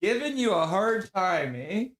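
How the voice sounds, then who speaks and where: A man's voice: high-pitched, sing-song, unhurried, a bit bright. A chatty man hosting a live stream who greets each viewer by name and reads their messages aloud. His voice rises and falls a lot. He has the sniffles and a runny nose. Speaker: livestream host. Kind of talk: casual live-stream chat reading viewer comments.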